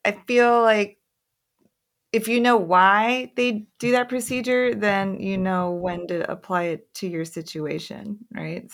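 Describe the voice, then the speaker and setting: A woman co-hosting a podcast in casual chat, easygoing and joking. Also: fairly low pitch. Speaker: guest co-host.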